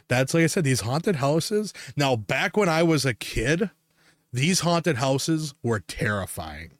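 Speaking slowly in a somewhat high, sing-song voice, this podcast host rambles through stories in casual chat, cursing freely and laughing often. The recording is dry with clean studio sound.

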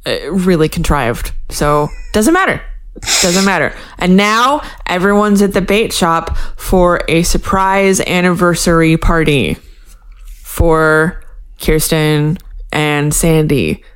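A woman's voice: fairly low pitch, takes it slowly, smooth. A woman co-hosting a casual podcast, talking through a TV show with dry, self-deprecating humor. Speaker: podcast co-host. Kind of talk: casual chat recapping a TV show.

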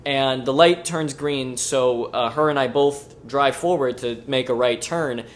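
A man's voice: mid-range voice, measured pace. A man co-hosting a podcast, telling a story in casual chat and acting out its voices, with some swearing. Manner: animated storyteller, swears freely, acts out voices in the tale. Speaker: podcast co-host.

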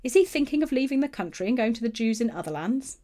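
A woman's voice: fairly high pitch, animated, quick pace, mellow, pitched above the performer's own voice, lightly acted. A woman voicing scornful middle-aged male religious leaders with indignant, mocking questions in a Bible reading.

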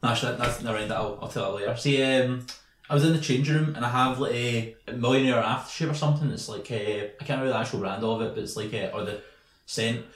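A man's voice: mid-range voice, fast, echoey room. Rambling man in his twenties. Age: 20s. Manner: rambling storytelling, swears, laughs a lot. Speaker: podcast co-host. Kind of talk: casual banter.

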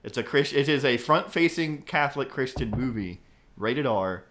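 A man's voice: mid-range voice, expressive, normal speed, fairly bright tone, slight background noise. A man co-hosting a podcast, recapping a film in an easygoing way and chuckling often. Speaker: podcast co-host. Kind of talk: casual podcast chat.

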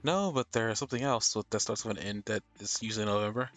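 A man's voice: lowish voice, fast, a bit bright. A man hosting a casual anime podcast, hesitant and tripping over names as he reads. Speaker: podcast host. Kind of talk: casual chat.

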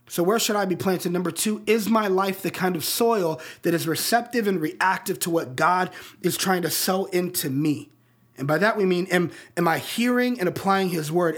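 A man's voice: high voice, a bit bright. A young adult man preaching a sermon in a casual, slangy way, with plenty of rhetorical questions. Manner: casual slangy preaching, acts out movie dialogue. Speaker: pastor.

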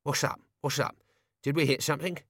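A man voicing a grumpy old male servant who frets and complains in rough everyday speech. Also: on the high side, steady tone, brisk, a bit bright, no echo, studio quality, voice pushed up. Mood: complaining.

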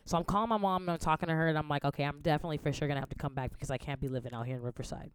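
A woman's voice: sits low, racing, clean tone, no echo, clean studio sound. Slangy, profane woman telling a story. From San Francisco Bay Area. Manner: slangy, profane, animated retelling. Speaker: podcast host. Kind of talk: casual storytelling.

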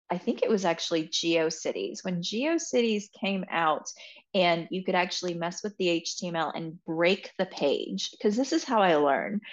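A woman hosting an interview, chatty and reflective, thinking aloud. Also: lowish voice. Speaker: interview host. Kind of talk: casual interview conversation. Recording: dull lo-fi audio.

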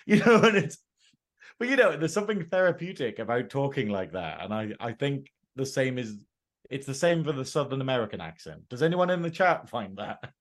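A man's voice: medium pitch, animated, a little fast. An English man in casual podcast chat, reviewing a TV episode, laughing often and slipping into jokey put-on accents. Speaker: podcast co-host.

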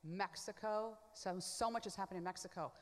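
Chatty woman in a reverberant room. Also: mid-range voice. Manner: chatty, full of "like" and quick asides; expressive, swings from hushed to loud. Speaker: panel guest. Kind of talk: animated personal testimony.

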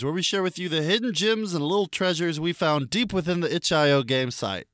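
This comedy podcast co-host, whose voice is a little high and a bit bright, talks a little fast as he narrates a ridiculous made-up scene for a game. Joking, frequently laughing and sliding into silly voices, he's recorded in studio quality with no room sound.

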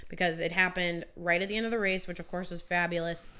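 A woman co-hosting a podcast in casual chat, talkative and quick to laugh, still recovering from a lost voice. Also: fairly low pitch, fairly even intonation, bright, forceful tone, clear, resonant tone. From Irish heritage. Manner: chatty, laughs often, talks a lot. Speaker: podcast co-host.

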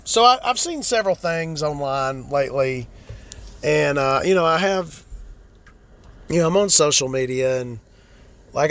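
A man's voice: mid-range voice, vocal fry, slight background noise. A man giving a blunt, profane, exasperated rant in a casual vlog.

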